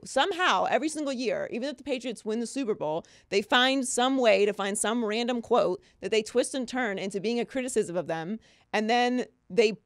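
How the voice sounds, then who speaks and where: A woman's voice: medium pitch, no echo, clean studio sound. A woman co-hosting a sports podcast, talking in a casual, opinionated and sarcastic way. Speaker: podcast co-host.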